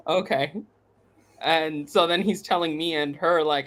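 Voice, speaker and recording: A man's voice: fairly high pitch, fairly even intonation, a little slow, a bit bright. A man on a podcast, laughing as he tells a travel story. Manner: laughs through his story. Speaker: podcast co-host. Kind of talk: casual chat.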